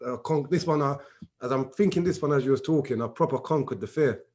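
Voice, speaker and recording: A man's voice: medium pitch, quick pace, darkish tone. A man in a casual group chat, animatedly telling a story and acting out the dialogue. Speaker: regular discussion member.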